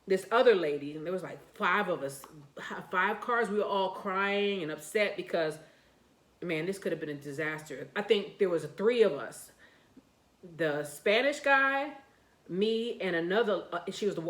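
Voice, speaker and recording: A woman recounts a story in a casual, animated way. She repeats herself, stumbles over fillers and restarts, and her lowish voice rings in a room with clear echo. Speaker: channel host telling a story. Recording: echoey room.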